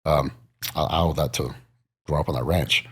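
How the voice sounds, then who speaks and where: A man in his forties tells his stories at a brisk clip, in a very deep and husky voice. He is animated and acts out the other people in his stories. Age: 40s. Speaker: guest, bodybuilder. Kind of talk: casual storytelling interview.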